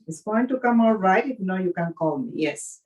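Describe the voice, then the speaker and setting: A woman chef leading a live cooking demonstration, speaking haltingly with fillers and restarts, an English speaker. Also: medium pitch, lively intonation, noisy background.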